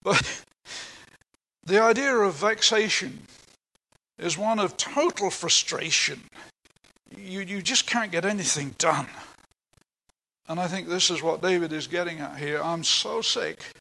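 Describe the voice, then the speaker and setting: A man's voice: high-pitched, a little slow, pauses often, pushed and bright, rough recording. An older man preaching a sermon, earnest and emphatic, explaining scripture in plain words with a few asides. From England.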